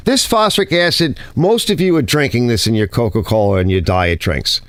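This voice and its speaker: A man at his garage workbench talking shop in a blunt, casual way, swearing now and then. His pitch swings up and down a lot as he explains. The sound is dry and close to the mic. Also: expressive, brisk, hardly any pauses, a bit bright, no room sound. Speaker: garage channel host. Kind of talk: casual hands-on shop talk. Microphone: close mic he sometimes bumps.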